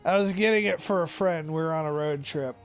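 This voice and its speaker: High-voiced swearing man from Kansas. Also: brisk, soft background music. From Kansas, USA. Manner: animated, swears constantly, tells stories with quoted voices. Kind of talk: casual profane chat.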